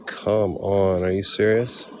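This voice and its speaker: Slow, low-voiced man marveling outdoors. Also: little pitch movement, background noise. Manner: awed, exclaiming at the scenery. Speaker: travel vlogger. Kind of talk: casual walking commentary. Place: outdoors by a bay and ferry wharf.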